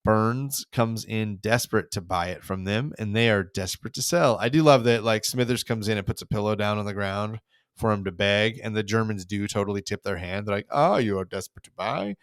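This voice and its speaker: A man's voice: on the low side, fairly even intonation, brisk, clear, resonant tone, no echo, clean studio sound. A man co-hosting a podcast, recapping a cartoon episode in a rambling, casual way full of fillers. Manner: rambling, filler-heavy retelling. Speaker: podcast co-host.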